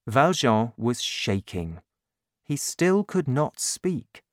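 Slow expressive story reader, really dry close mic. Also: medium pitch, dry recording. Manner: slow, expressive, clearly paced reading. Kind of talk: scripted storybook narration.

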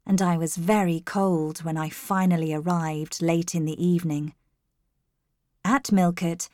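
A woman reads a first-person story in a calm, measured way, taking her time over each phrase. Her voice is on the lower side for a woman. The recording is close and dry. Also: no echo. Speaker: narrator. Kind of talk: scripted storybook narration.

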